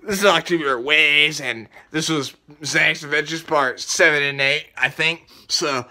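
A man's voice: on the high side, unhurried, bright, forceful tone. A young man telling a story in a rambling, casual way, full of swearing and filler words. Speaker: vlogger telling stories.

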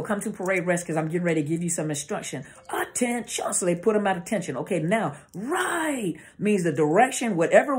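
A woman's voice: fairly low pitch, darkish tone. A woman therapist giving an informal educational talk to camera, conversational and often searching for words with restarts. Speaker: therapist speaking on narcissistic abuse. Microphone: camera mic.

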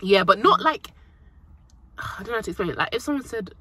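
A woman's voice: mid-range voice, expressive, a little fast, pushed and bright, slightly rough, dry recording. A woman chatting casually to camera as a vlogger, talkative and often giggling. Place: parked car.

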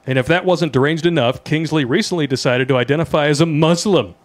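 A man's voice: on the high side, fast. Mocking, joking male podcast co-host. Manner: joking, laughing at his own jokes, mocking. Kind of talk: casual comedic news commentary.

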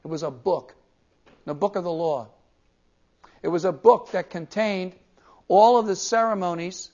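A man with a high voice teaches like a pastor at the front of a class. He hammers on key words, saying them again and again to make each point land. The sound is dull and lo-fi, as if from an old cassette tape. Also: a little mellow. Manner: emphatic, repeats key words for stress. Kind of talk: classroom theology lecture.

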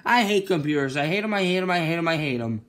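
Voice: medium pitch, lively intonation, fast talker, a little hiss or hum, lightly acted. A person voicing a cheerful, blunt cartoon sponge puppet, repeating short answers over and over. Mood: silly.

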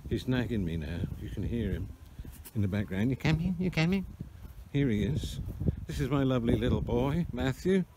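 A man's voice: medium pitch, moderate pace. An older man chatting casually while filming outdoors, out of breath as he walks down to a beach. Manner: chatty, rambling commentary while walking. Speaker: vlogger. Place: outdoors by the coast. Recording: outdoor camera with wind noise.

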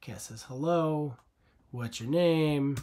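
A man's voice: on the high side, slow pace, warm tone. Man teaching in a screen tutorial. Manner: patient, conversational, asks rhetorical questions.

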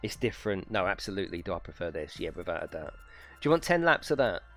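Lively man chatting while streaming. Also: deep voice, fast, faint music behind. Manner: chatty, swears, exaggerated. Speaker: streamer hosting races. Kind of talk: casual live-stream chat. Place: home room in racing rig.

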